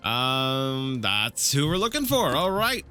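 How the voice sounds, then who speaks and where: A man's voice: mid-range voice, big pitch swings, slow, sharp tone, soft background music. A man casually commenting on a video game as he plays, rambling and thinking aloud with many fillers and restarts. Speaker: let's play host.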